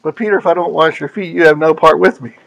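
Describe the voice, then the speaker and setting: A male preacher voicing a gentle, patient teacher who answers quietly. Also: fairly high pitch, quick pace, gravelly, highs cut off, pitched below the performer's own voice.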